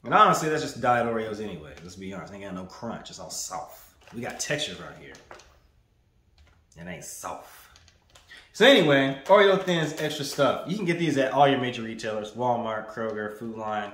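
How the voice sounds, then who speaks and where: A man hosting a casual snack-review vlog, his voice swinging up and down with lively, animated pitch. He talks in a loose, playful way and repeats his phrases. The sound is roomy and echoey, like a bare room indoors. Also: a little fast, few pauses, a little hiss or hum. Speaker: food reviewer. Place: indoors, standing. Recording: roomy echo.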